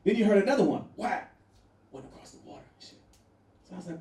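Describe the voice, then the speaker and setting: A man performing a stand-up comedy set, loud and animated, laughing through his punchlines and jumping to sudden shrieks. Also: sits high, a little fast. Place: comedy venue with a live audience. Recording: echoey room from far off with faint noise.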